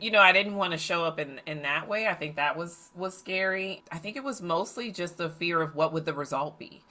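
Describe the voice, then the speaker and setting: A middle-aged woman coach telling a family story in a lively, animated way, acting out the voices of the people in it. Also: fairly low pitch, a little fast, few pauses. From United States. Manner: animated, acts out family dialogue. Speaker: coach and facilitator. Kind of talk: storytelling podcast monologue.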